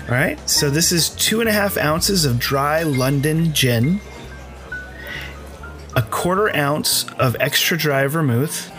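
A man's voice: fairly high pitch, expressive, slow pace. An American man co-hosting a laid-back podcast. He wanders through his thoughts with fillers and false starts, while faint music plays under the talk. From United States. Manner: rambling, hesitant, many fillers and restarts. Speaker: podcast co-host. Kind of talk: casual chat.

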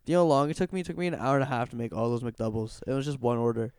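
A man's voice: medium pitch, very fast, darkish tone, clean tone, no echo. A young man in casual chat, laid-back and profane, trading stories and laughing along.

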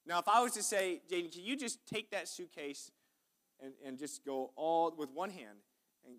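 A man's voice: fairly high pitch, fairly bright tone. A male pastor, preaching a sermon in a church sanctuary in a folksy, chatty way and calling out to the congregation. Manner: folksy, chatty preaching with audience call-outs.

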